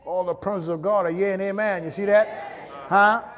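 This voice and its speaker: A man preaching a fiery call-and-response sermon, shouting and drawn out, with laughs and asides to his listeners. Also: sits high, steady tone, a little fast.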